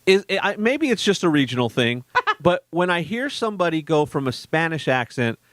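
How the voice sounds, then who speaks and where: A man's voice: on the high side, big pitch swings, fairly bright tone, dry recording. Chatty joking man, close and dry. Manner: jokey, rambling, quick to laugh. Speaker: podcast co-host. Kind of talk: casual chat.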